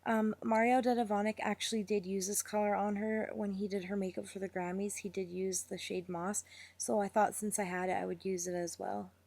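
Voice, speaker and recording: A young woman talking through a makeup tutorial step by step, speaking deliberately slowly in a chatty way. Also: mid-range voice, flat delivery, creaky, darkish tone, dry recording. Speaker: beauty vlogger.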